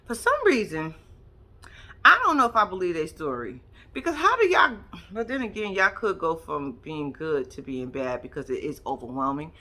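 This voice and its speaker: A woman's voice: sits low, normal speed. Blunt, profane woman recapping TV. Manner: blunt, profane, animated storytelling. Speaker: reality TV commentator. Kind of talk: casual recap commentary.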